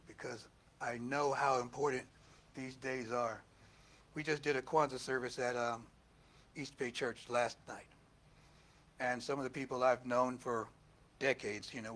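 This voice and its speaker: An older man preaching a storytelling sermon as pastor, animated and laughing, acting out quotes in a raised voice. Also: medium pitch.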